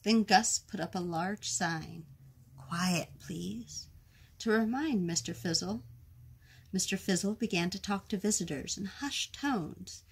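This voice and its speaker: A woman reading a children's picture book aloud in a gentle, expressive storytime manner. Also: medium pitch, measured pace, husky. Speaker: storytime reader.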